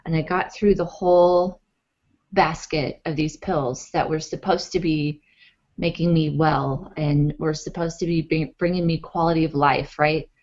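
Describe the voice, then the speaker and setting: A woman's voice: sits low, measured pace. A woman guest on an interview, telling a personal story in a chatty way, with lots of fillers and acted-out quotes. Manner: animated, acts out quotes, many fillers. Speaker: interview guest, author and blogger. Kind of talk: conversational storytelling. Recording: dull lo-fi audio.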